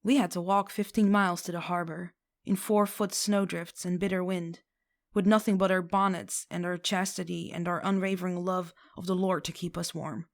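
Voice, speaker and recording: A woman voicing a young witch who mocks her elders with a gravelly old crone voice. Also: lowish voice, little pitch movement, normal speed, close to an everyday voice. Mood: mock-grumbling. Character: old crone grumbling about the hard old days.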